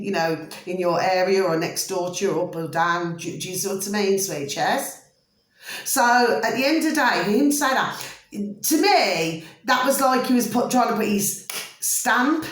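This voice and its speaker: A woman ranting to her viewers in an animated monologue, full of repeated "I said" and fond pet names for her audience. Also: mid-range voice, reverberant. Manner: animated, repeats "I said", calls viewers "my delicious little babies". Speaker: vlogger.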